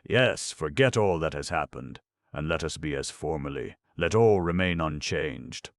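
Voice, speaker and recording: A man's voice: very deep voice, expressive, measured pace, dry recording, studio quality, heavily acted. A man voicing a tearful young woman who pleads and reproaches in an emotional, raised voice. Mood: remorseful.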